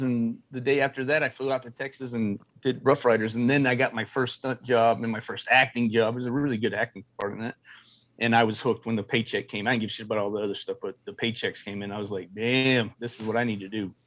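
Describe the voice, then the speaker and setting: A man's voice: medium pitch, fairly even intonation, quick pace, a bit bright, muffled recording. A middle-aged man, a former Marine, telling war stories in a casual, profane way and acting out quotes. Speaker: guest, former Marine and film military advisor. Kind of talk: casual storytelling interview.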